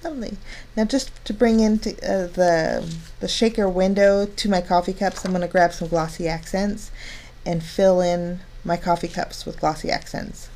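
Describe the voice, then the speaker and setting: A woman's voice: fairly low pitch, fairly even intonation, normal speed, warm tone. A cheerful, chatty woman talking through each step of a card-making craft tutorial. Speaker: crafting channel host.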